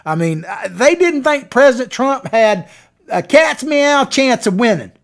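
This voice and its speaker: A man's voice: very high-pitched, big pitch swings, measured pace, creaky. A man hosting a political talk show, delivering opinionated commentary in a folksy, sarcastic way. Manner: folksy, sarcastic, mocking impressions.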